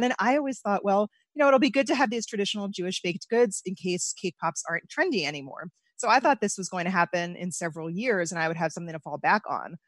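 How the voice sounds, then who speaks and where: A woman's voice: lowish voice, a bit bright, no echo. Woman, bakery owner guest, chatty and easy laugh, dry close mic. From United States. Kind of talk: casual interview.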